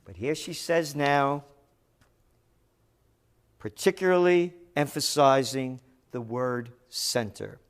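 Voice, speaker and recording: Slow, emphatic sarcastic man. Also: mid-range voice, clear, resonant tone. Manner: sarcastic, emphatic, deliberate delivery. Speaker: news commentary host. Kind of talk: opinionated news commentary.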